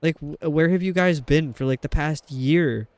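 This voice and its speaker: A man's voice: a little high, normal speed, darkish tone, dry recording. A young adult man streaming a game, chatting in a rambling, casual way with lots of fillers. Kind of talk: casual chat while playing a game.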